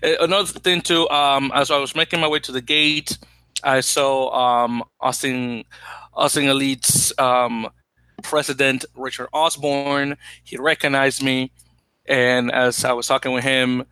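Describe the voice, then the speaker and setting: A man co-hosting a podcast, rambling through an animated story with lots of fillers and restarts, a native Spanish speaker. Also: mid-range voice, a little slow, no echo, low-quality recording. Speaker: podcast co-host. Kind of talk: casual chat.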